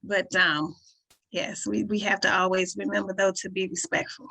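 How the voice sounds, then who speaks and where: Woman, Southern country twang, bright voice, casual host, chatty with check-ins. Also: medium pitch, flat delivery, normal speed, gravelly. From rural southern United States. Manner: conversational, frequent "right?" check-ins, occasional laughs. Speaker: community call host. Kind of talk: casual talk to an online group.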